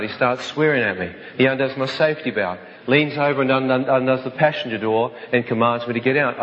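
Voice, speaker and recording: A man giving a dramatic personal testimony, telling it vividly and acting out the other voices. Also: mid-range voice. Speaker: speaker telling his life story. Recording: dull recording with long hall reverb.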